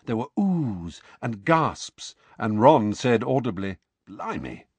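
A man narrating a storybook in an expressive, varied scripted reading. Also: medium pitch, slow pace, husky, dry recording. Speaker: audiobook narrator.

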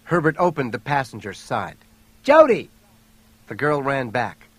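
A man narrating an audiobook thriller in a steady, even storytelling voice. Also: mid-range voice, normal speed, slightly rough, no room sound. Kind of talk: scripted narration.

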